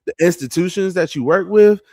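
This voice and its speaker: A man's voice: sits high, fairly quick, dark tone, no echo. Male podcast host, casual emphatic commentary, dry close sound. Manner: conversational, fillers, emphatic.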